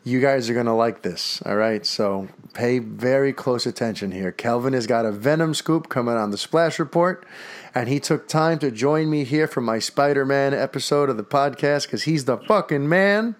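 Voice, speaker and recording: A man's voice: mid-range voice, moderate pace. A man hosting a podcast, talking casually, with a lot of swearing and rambling. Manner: profane, rambling, enthusiastic. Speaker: podcast host.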